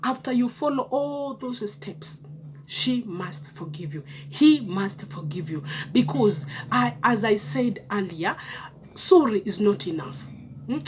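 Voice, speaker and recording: A woman's voice: on the high side, expressive, takes it slowly, a little hiss or hum. A woman giving earnest relationship advice to viewers, coaxing them along and often checking in with a questioning "hmm?".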